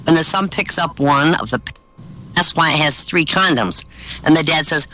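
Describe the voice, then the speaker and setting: A man's voice: a little high, moderate pace, pushed and bright, poor audio. A man telling stand-up jokes at an open-mic show over online voice chat, chuckling at his own punchlines.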